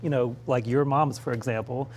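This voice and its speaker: A man who is a pastor, speaking as a guest on a talk show in a conversational, animated way. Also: mid-range voice, normal speed, slight background noise.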